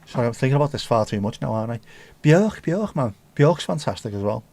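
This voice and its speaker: A man's voice: medium pitch, lively intonation, fast talker, creaky, a little mellow. A man hosting a casual livestream chat, bantering crudely and swearing often. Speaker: livestream host.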